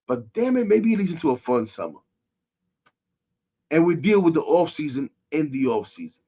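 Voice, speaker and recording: A man, hosting a sports podcast as a casual rant. He is frustrated and animated, swinging from loud outbursts to muttering. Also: fairly high pitch, moderate pace, pauses often, dull audio.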